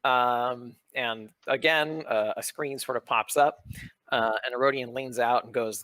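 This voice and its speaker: A man's voice: mid-range voice, fairly even intonation, measured pace, a bit bright, no echo. A man narrating as game master of a tabletop role-playing session, chatty and loose. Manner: casual, chatty, lots of fillers.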